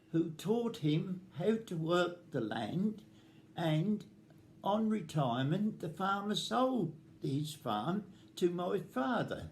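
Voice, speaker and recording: An older man speaks slowly and deliberately, stressing words with open indignation. A faint hum of noise sits behind his voice. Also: high voice, a little mellow. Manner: slow, emphatic and indignant. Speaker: retired farmer guest. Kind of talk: prepared statement at a community event.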